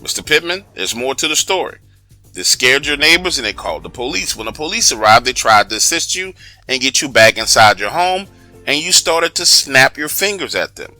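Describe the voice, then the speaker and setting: A man voicing a calm, patronizing male psychiatrist who speaks softly and slowly. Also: medium pitch, soft background music. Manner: slow, soft, measured.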